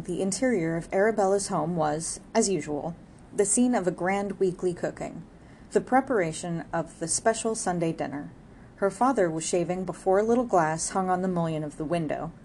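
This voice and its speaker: A woman narrating an audiobook, reading a classic novel in a measured way. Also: on the low side, darkish tone, slight background noise. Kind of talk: scripted narration.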